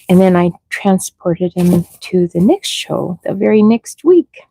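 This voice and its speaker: A woman's voice: fairly low pitch, expressive, measured pace, gravelly, dark tone, breathy edge, dry recording, low-quality recording. A middle-aged woman breeding rabbits, chatting casually on a livestream and talking sweetly to the baby bunnies.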